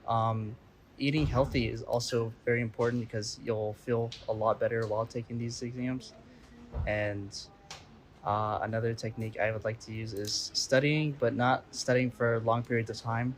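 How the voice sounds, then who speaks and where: A male student sharing tips for coping with exams, in a halting way with fillers. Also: mid-range voice, little pitch movement, a little hiss or hum.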